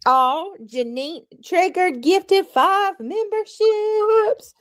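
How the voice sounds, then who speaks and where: A woman's voice: fairly high pitch, animated, takes it slowly, darkish tone. A woman hosting a livestream, chatting casually and reading out her viewers' comments as she greets them. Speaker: livestream host.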